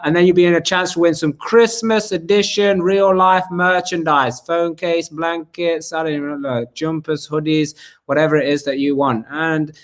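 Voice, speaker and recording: Man hosting a live stream, upbeat and rambling, slightly high voice. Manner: energetic, rambling with restarts. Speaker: host.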